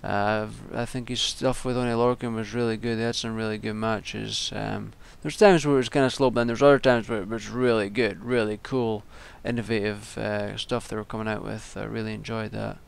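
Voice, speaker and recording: A man's voice: on the low side, little pitch movement, brisk, gravelly, hardly any pauses, smooth. A young man giving casual, rambling solo commentary, with frequent ums and restarts. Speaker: wrestling vlogger.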